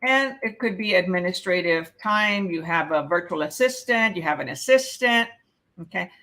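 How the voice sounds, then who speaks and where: A woman leads a live real estate exam prep class, reading questions aloud, explaining the answers and often checking in with "okay?". Her voice is lowish and fairly bright, with lively intonation at a normal speed.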